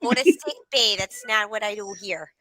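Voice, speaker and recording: A woman voicing a starship computer as a nagging, put-upon old woman who complains loudly. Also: medium pitch, normal speed, no echo, lightly acted.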